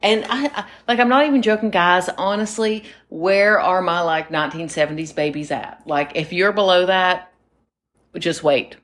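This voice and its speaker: A woman's voice: fairly low pitch, moderate pace, fairly bright tone. A woman in her forties co-hosting a podcast, telling rambling stories in casual chat and talking straight to her listeners. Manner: rambling, chatty storyteller who talks to listeners directly. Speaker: podcast co-host.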